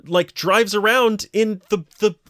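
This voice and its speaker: A man co-hosting a casual podcast, his voice pitched a bit high for a man and recorded dry and close. He tells long, rambling stories in an animated way. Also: unhurried, no echo. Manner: rambling, animated storyteller with frequent laughter. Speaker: podcast co-host. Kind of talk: casual chat.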